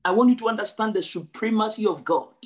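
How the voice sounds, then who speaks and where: A male pastor preaching a sermon, emphatic, repeating his phrases and swinging from low and quiet to high and loud. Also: fast talker. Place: church service.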